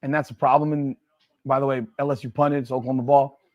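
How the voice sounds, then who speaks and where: A man's voice: mid-range voice, quick pace, no room sound, lo-fi sound. A man hosting a live football watch party, reacting to plays and ranting about rankings. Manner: excitable sports fan talk with repetitions, shouting at plays. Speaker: host of a sports live stream.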